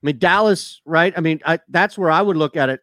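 Brief: opinionated male sports radio co-host, somewhat high voice, dry studio sound. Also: fairly quick, a bit bright, no echo. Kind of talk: casual sports talk.

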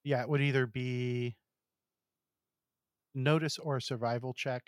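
A man running a tabletop game as game master, calmly explaining rules. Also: mid-range voice, unhurried, no echo, clean studio sound.

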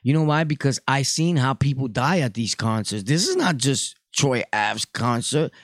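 Blunt, gravelly-voiced man ranting. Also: mid-range voice, animated, normal speed, no echo, studio quality. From Puerto Rican. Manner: blunt, profane street talk. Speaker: podcast host. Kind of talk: casual monologue.

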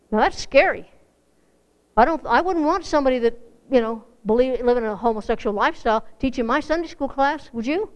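A woman's voice: on the high side, clean tone. A woman preaching a folksy, earnest sermon to a congregation, rising to fervent emphasis. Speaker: church speaker.

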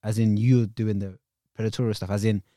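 A man's voice: lowish voice, flat delivery, brisk, dark tone, no room sound. Earnest young man, dry mic. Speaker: podcast co-host. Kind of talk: casual chat.

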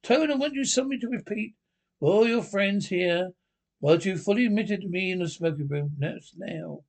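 A man's voice: high voice, normal speed, gravelly, pitched above the performer's own voice. A man voicing a stern elderly male badger who lectures firmly, in a storybook reading. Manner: lecturing, firm.

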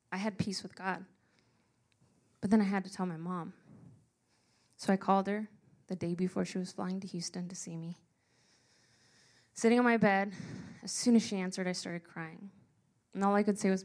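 A young woman telling a personal story to a live audience, earnest and emotional, slowing down for emphasis. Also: medium pitch, fairly even intonation. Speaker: speaker sharing a personal story.

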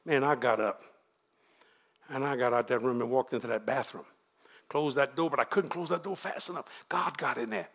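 A man in his seventies with a Louisiana Cajun accent, preaching to a congregation in a folksy, animated storytelling way. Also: medium pitch, normal speed.

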